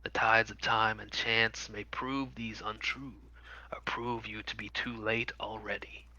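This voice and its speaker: A man voicing a cryptic old crone fortune teller, speaking slowly in an ominous half-whisper. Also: on the low side, little pitch movement, pushed and bright, muffled recording, heavily acted.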